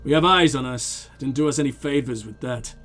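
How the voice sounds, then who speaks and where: A man doing a low, quiet, reserved lieutenant. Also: faint music behind, lightly acted. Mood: measured. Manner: measured, quiet, dry.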